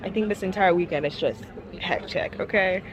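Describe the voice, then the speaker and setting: Chatty young woman vlogging, lowish voice. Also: moderate pace. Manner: chatty, animated, laughs often. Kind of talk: casual vlog chat.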